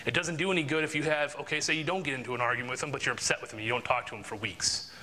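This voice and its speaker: A man's voice: steady tone, rapid-fire, bright, forceful tone, big-room sound, a little hiss or hum. A man preaching a casual, conversational sermon, often ending lines with "right?" and "you know?". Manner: mimics mockers and coworkers in a higher voice.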